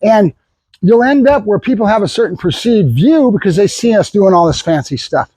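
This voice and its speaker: Husky high-voiced man talking dog training. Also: expressive, moderate pace, dark tone, no room sound, poor audio. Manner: blunt, repetitive, with fillers and restarts. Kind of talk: casual talk to camera.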